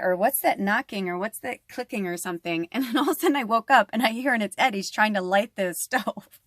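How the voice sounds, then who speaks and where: A woman's voice: fairly high pitch, no room sound, studio quality. A woman working as a psychic medium, giving a casual, meandering tarot reading from a tiny home. She talks in a chatty way, full of fillers, and swears freely.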